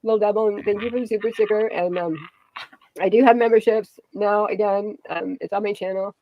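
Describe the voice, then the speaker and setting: A woman's voice: medium pitch, fairly even intonation, a little fast, lo-fi sound, slight background noise. A woman YouTuber on a livestream, rambling bluntly and swearing a lot. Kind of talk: casual livestream rant.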